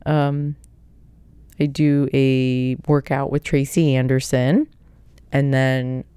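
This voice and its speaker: A woman's voice: a bass voice, flat delivery, takes it slowly, mellow, smooth, no room sound, studio quality. A woman hosting a casual solo podcast, reading out listener questions in a blunt, profane, upbeat way. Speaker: podcast host.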